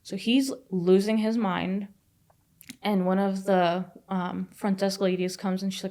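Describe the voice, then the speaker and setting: A woman's voice: medium pitch, level tone, warm tone. A young adult woman telling a personal story in casual, rambling speech, full of "like" fillers and swearing. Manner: fast, filler-heavy retelling with frequent "like" and swearing. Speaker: guest.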